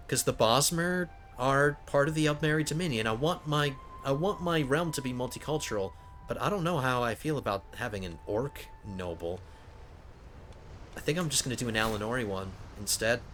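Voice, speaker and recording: A man's voice: mid-range voice, a bit bright, a little hiss or hum. A man hosting a strategy game let's play, thinking aloud and often stumbling over his words. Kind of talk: casual gameplay commentary.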